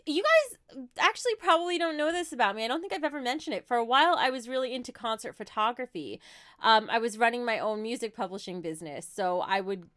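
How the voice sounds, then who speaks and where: A woman's voice: fairly high pitch, expressive, fast talker, a bit bright, dry recording, clean studio sound. A woman in her thirties with a New Jersey accent, chatting casually on a livestream as she answers viewer questions with light laughs. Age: 30s.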